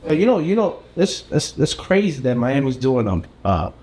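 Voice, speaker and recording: A man's voice: mid-range voice, very animated, moderate pace, a little mellow. Laid-back rambling man co-host. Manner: laid-back, rambling, lots of filler phrases. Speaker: podcast co-host. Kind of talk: casual chat.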